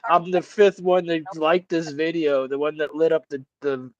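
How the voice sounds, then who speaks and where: A man hosting a livestream talks in a crude, joking way and laughs a lot, often slipping into mock voices. His voice sits high for a man, and the sound is dry. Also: fairly even intonation, normal speed, no room sound, muffled recording. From Italian family background. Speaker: livestream host. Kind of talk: casual chat.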